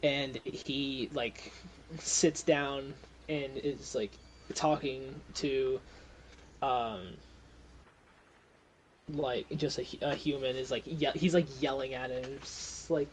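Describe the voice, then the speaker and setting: A man's voice: mid-range voice, fairly even intonation, takes it slowly, long pauses, a little hiss or hum, low-quality recording. A young man acting as game master, narrating a tabletop game in a loose, rambling way with many fillers. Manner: rambling, filler-heavy, often laughing.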